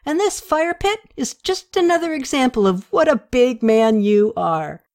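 A woman's voice: high voice, expressive, a little slow, a little mellow, pitched above the performer's own voice. A woman voicing a headstrong young woman taken for a goddess, blunt and defiant. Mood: indignant.

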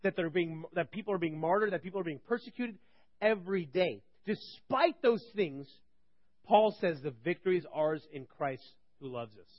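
A young man teaching on a Bible passage in a conversational way, asking rhetorical questions and swinging between loud and quiet. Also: on the high side, brisk, no room sound, dull audio. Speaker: preacher.

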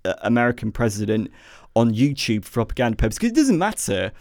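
A man's voice: medium pitch, big pitch swings, fast talker, vocal fry, dry recording, clean studio sound. A man co-hosting a podcast, sarcastically tearing into a movie with lots of ums and restarts. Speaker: podcast co-host. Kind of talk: casual film review chat.

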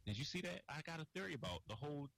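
Animated, husky-voiced male podcast host. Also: fairly high pitch, very fast, no room sound, rough recording. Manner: loud, profane, laughs often. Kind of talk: casual chat.

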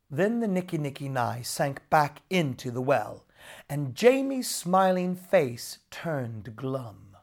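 A storyteller reading a children's storybook aloud in an expressive, unhurried way. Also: mid-range voice.

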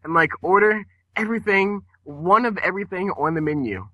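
A man co-hosting a late-night comedy podcast, telling bits with animated quoted voices. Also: high-pitched, brisk, no room sound, highs cut off. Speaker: podcast co-host. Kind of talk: late-night casual chat.

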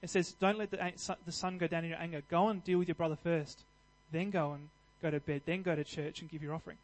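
Male preacher, high voice, earnest and conversational, emphatic at peaks. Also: steady tone, fast talker, low-quality recording. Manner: earnest, conversational, with restarts and fillers; builds to louder emphatic passages. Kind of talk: sermon.

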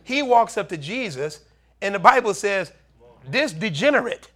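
High, bright-voiced animated preacher man. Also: normal speed. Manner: animated preaching, acting out townspeople's warnings. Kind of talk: sermon.

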